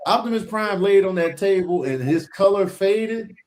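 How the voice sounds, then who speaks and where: A man's voice: high-pitched, moderate pace, crowd noise. A man on a casual podcast panel, telling stories with energy and acting out what people said. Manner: animated storyteller, acts out what people said.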